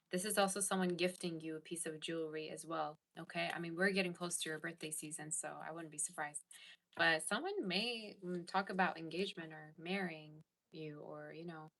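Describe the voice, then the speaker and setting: A woman with a lowish, slightly bright voice hosts a casual tarot livestream. She chats and reads viewer comments aloud.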